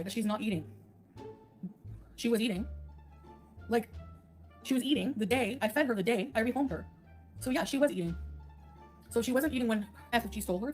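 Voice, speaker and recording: A woman's voice: fairly high pitch, darkish tone. A woman on a casual livestream, ranting bluntly and sarcastically and laughing often.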